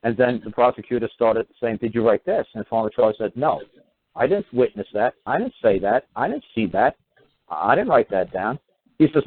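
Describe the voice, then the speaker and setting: A man's voice: mid-range voice, a little fast. A man hosting a talk show, telling a long story in a casual way and acting out the voices of the people in it. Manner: animated, acts out quoted voices. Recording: tinny phone line audio.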